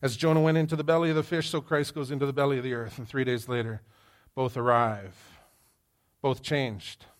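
A man preaching a sermon, moving from quiet reflection to loud, emphatic exhortation. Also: medium pitch, fairly even intonation, a little fast. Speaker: pastor.

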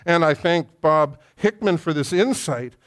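Middle aged pastor guy preaching, reads the passage then gets fired up, voice a bit on the high side. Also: animated, unhurried. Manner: reads scripture then preaches with rising intensity. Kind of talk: sermon.

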